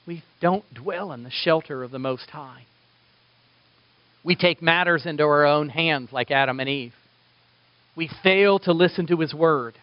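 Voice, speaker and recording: A male pastor preaches with animated emphasis, pushing lines up and then dropping to near-quiet. His voice sits somewhat high. The recording is dull and lo-fi with a dry, close sound. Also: dry recording. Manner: animated, rising emphasis and sudden soft drops. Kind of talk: sermon.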